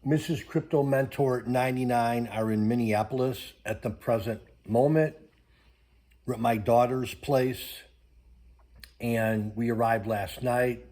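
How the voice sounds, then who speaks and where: A man's voice: medium pitch, fairly even intonation, unhurried, mellow. An older man, a grandfather, chatting casually and rambling to his channel's viewers with many fillers. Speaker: vlogger. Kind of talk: casual chat to camera.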